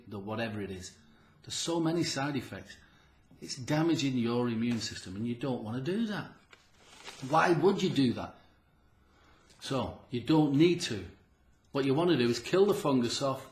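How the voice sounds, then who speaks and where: A man's voice: mid-range voice, roomy sound. A man giving an earnest, repetitive health talk to the viewer, often stammering on restarts and acting out what people say to themselves. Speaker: herbalist presenter. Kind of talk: direct-to-camera health talk.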